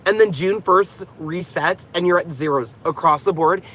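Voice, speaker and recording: Guy rambling on a crafting vlog from his car, kinda high voice, always going off on tangents. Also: moderate pace, pushed and bright. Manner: chatty, rambling, goes off on tangents; laughs often and jokes about himself. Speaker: crafting channel host. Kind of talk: casual vlog chat.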